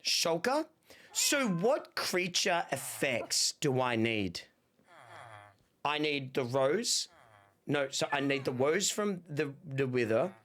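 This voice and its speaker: A man's voice: mid-range voice, a bit bright. Breathless young man streaming a game. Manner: rambling, joking, talks to chat. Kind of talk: casual gaming stream chat.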